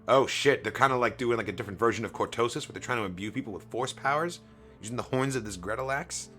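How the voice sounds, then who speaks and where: A man casually commenting as he reads comics aloud on a stream, animated and quick to swear and laugh. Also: mid-range voice, faint music behind.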